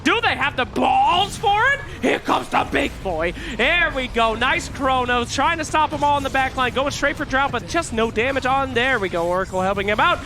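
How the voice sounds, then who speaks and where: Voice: sits high, moderate pace, hardly any pauses, sharp tone, a little hiss or hum. A play-by-play caster calling a live video game match on a headset, joking and irreverent in banter with a co-caster.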